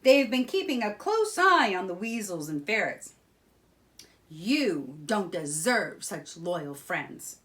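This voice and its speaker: A woman's voice: mid-range voice, sing-song, slow, a bit bright. A woman voicing a stern, sensible male water rat in a children's storybook, scolding his friend.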